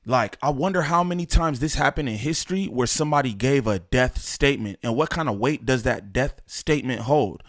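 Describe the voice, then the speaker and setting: A man's voice: mid-range voice, fairly quick, few pauses, no echo, studio quality. A man hosting a reaction video, chatting casually and in slang, speaking straight to his viewers. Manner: animated, slangy, talks to viewers. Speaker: reaction channel host.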